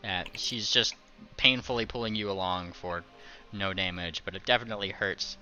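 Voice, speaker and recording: A man's voice: fairly low pitch, fairly even intonation, moderate pace, pushed and bright, lo-fi sound, faint music behind. A man narrating as game master of a tabletop game in a loose, joking way, full of fillers.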